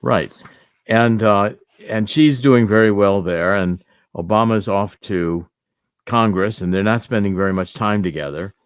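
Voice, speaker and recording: A man hosting an interview, prompting his guest in a relaxed way. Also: on the low side, unhurried, clean tone, dry recording, studio quality. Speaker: interview host. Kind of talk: interview chat.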